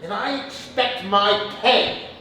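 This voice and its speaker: Wisecracking high-voiced improv performer. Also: male voice, takes it slowly, sharp tone, distant mic. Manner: wisecracking, punning. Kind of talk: live improv comedy scene. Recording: echoey hall from afar with audience.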